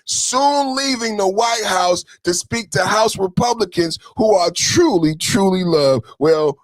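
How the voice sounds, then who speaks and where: Male podcast host, high-pitched, laughing, rapid repeats, dry close mic. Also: dry recording. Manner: laughing, excitable, repeats phrases. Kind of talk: casual reaction commentary.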